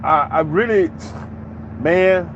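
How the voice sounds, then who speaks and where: A man's voice: sits high, slow, muffled recording, slight background noise. A man giving an opinionated commentary monologue in an emphatic, preachy way, with many rhetorical questions. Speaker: commentary channel host.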